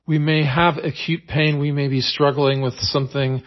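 A man hosting a daily guided visualization, leading the listener through breathing and affirmations in a slow, calm, repetitive manner. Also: on the high side, muffled recording. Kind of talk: guided meditation.

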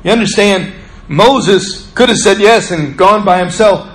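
A man preaching a sermon as pastor, swinging between emphatic raised lines and hushed low drops. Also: slow, low-quality recording.

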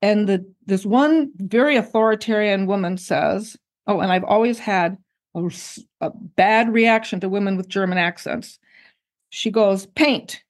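A woman's voice: mid-range voice, measured pace. Older woman, reflective storyteller. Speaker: interview guest. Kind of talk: personal recollection in an interview.

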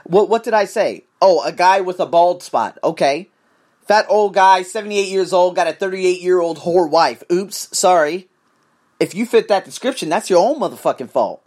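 A man's voice: sits high, animated, normal speed, darkish tone. A man hosting his own podcast, ranting in a profane, emphatic solo monologue. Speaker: podcast host.

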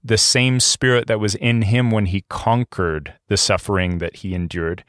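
Pastor, male, low-pitched, dry sound; talky sermon delivery with frequent ums and restarts. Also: steady tone, moderate pace, fairly bright tone, no echo. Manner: conversational preaching with many fillers and restarts.

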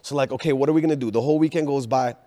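A man telling a family story in casual chat, animated, laughing often and acting out the people he quotes. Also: mid-range voice, very fast, in a large hall.

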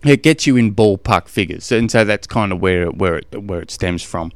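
A man's voice: on the low side, normal speed, clean tone, no room sound. A middle-aged man with an Australian accent, hosting a casual solo podcast, rambling and self-deprecating, often laughing at himself. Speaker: podcast host, endurance coach.

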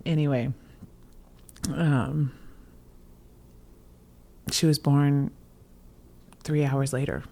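A low-voiced young woman shares a personal story on a podcast, in a relaxed, chatty way. She is animated and breaks into laughter between phrases, acting out what others said. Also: very slow, gravelly, long pauses. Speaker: podcast co-host. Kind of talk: casual storytelling chat.

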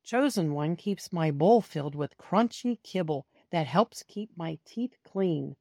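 Woman reading a children's story, slow, lively intonation, close dry mic. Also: on the low side, no echo. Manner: slow, expressive storytelling that talks to young listeners. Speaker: storybook reader. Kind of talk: children's story read aloud, first person as a cat.

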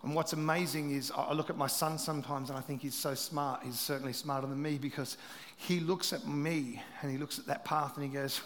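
A middle-aged pastor delivers a sermon in a raised, high-pitched voice, telling stories with lively swings between loud passages and hushed asides. His voice rings out with a long reverb tail, as if from a large church hall. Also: moderate pace.

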